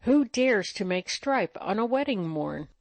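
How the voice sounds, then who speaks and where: A man's voice: sits high, very animated, a little slow, creaky, dry recording, pitched above the performer's own voice, full character voice. A woman voicing a hearty medieval king who speaks with authority in archaic speech.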